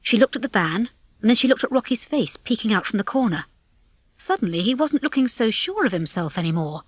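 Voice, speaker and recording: A woman reading a children's storybook aloud as narrator, in a lively, expressive way on a close mic. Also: on the high side, a little fast, dry recording. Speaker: audiobook reader. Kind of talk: scripted narration.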